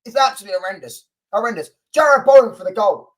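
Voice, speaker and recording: A man's voice: sits high, expressive, quick pace, a bit bright, low-quality recording. A man hosting a football fan channel, ranting angrily and repetitively with lots of swearing. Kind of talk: angry fan rant to camera.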